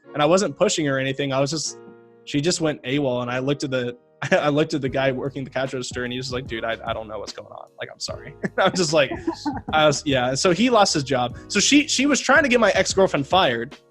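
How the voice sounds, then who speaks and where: A man, a podcast guest telling a long story in casual talk, rambling and animated with lots of fillers. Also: mid-range voice, a little fast, faint music behind.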